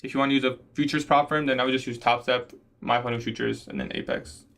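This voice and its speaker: A young man from Canada casually chatting on a trading livestream, answering viewer questions in a relaxed, slangy way. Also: mid-range voice, fast, vocal fry. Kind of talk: casual livestream chat reading comments.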